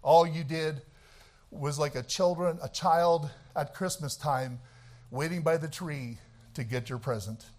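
A man preaching a sermon, swinging between shouted, fiery passages and quieter, conversational talk. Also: fairly high pitch, a little slow.

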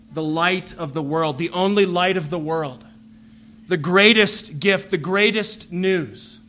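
A man preaching a sermon, earnest and measured, pleading with his listeners through repeated phrases. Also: high voice, pushed and bright.

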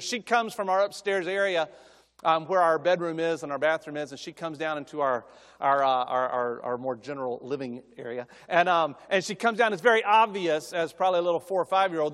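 A middle-aged guest preacher speaks in a lighter, higher register with a slightly bright tone, spinning folksy family stories that build into emphatic calls. A long reverb trails every phrase, as though he's in a large sanctuary.

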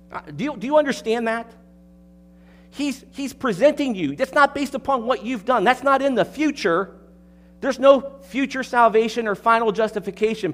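High-voiced pastor preaching with emphatic questions. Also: male voice, a bit bright. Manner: emphatic, with repeated words and rhetorical questions. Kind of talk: expository sermon.

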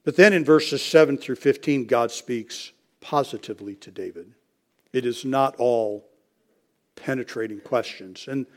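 A man preaching an expository sermon, speaking emphatically and repeating key phrases for stress. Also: mid-range voice.

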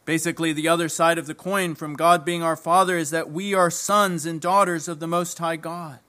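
A man preaching a sermon, emphatic, repeating key phrases and dropping low at the ends of lines. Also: fairly even intonation, moderate pace, bright, forceful tone.

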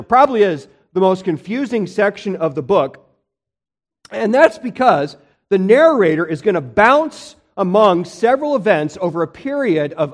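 A middle-aged man preaching a sermon in a conversational way, often repeating words as he restarts. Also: high voice. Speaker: pastor.

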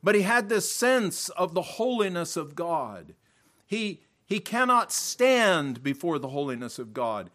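A man preaching a sermon, slow and emphatic, often repeating words and clearing his throat. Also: high-pitched, sing-song, a bit bright.

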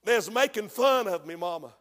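An embarrassed teenage boy pleading softly with his mama, as a preacher acts him out in a high, light voice. His words ring out through the long echo of a church hall. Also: animated, moderate pace.

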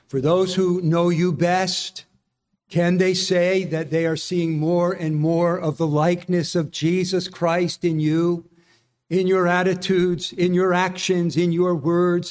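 A man preaching a sermon earnestly, reading scripture and asking the listeners searching questions. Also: a little mellow. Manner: earnest preaching, rising in pitch when quoting. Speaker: pastor.

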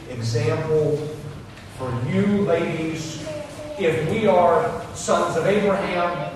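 A man in his forties preaching a sermon as pastor, telling stories with big swings from loud to soft. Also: a little high. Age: 40s. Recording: echoey hall, voice from far off, noisy.

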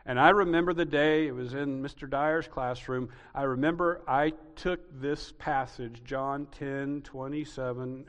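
A male pastor preaching a sermon emphatically, building to repeated rising peaks. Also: mid-range voice. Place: church sanctuary. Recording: reverberant hall.

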